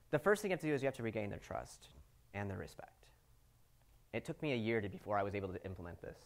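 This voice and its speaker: A speaker giving a security conference talk from a stage, stressing key points by repeating them. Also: medium pitch.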